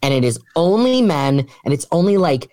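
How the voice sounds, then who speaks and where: A podcast co-host in casual chat, enthusiastic, with quick asides. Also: medium pitch, very animated, mellow, dry recording.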